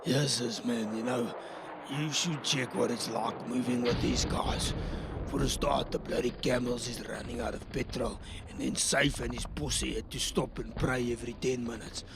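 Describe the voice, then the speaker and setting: A man playing a swaggering south african mercenary, rambling and swearing, gravelly, noisy background. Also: mid-range voice, fairly even intonation, normal speed, close to an everyday voice. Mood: boastful. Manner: swearing, laid-back, rambling. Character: crude swaggering male mercenary soldier.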